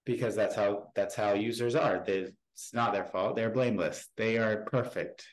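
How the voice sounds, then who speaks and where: A man in his thirties, a podcast guest, frankly telling a personal story in a halting way with many restarts. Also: lowish voice, steady tone, low-quality recording. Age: 30s.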